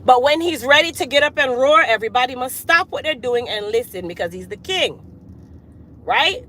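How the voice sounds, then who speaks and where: Addressing her audience directly, a female vlogger who runs a hair care business preaches motivation in a casual but emphatic way. She sounds high, animated and sharp at a normal speed, and the poor audio has a little hiss or hum.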